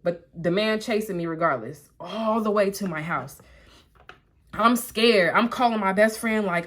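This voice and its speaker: Young woman vlogger, chatty storytime, lively slang, acts out quotes. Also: medium pitch, a little slow. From Columbus, Ohio. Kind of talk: storytime while getting ready.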